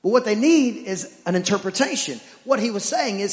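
A man's voice: sits high, expressive, moderate pace. A man preaching a sermon, telling jokes and acting out the voices in his stories. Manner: joking storyteller, acts out dialogue. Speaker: pastor. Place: church sanctuary. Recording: long reverb of a church hall.

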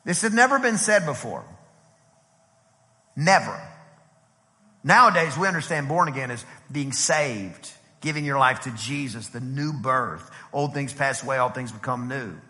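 A pastor with a bright, medium-pitched voice preaches a sermon a little slowly, animated and conversational, acting out quotes. He's in a church sanctuary, and long hall reverb fills the recording.

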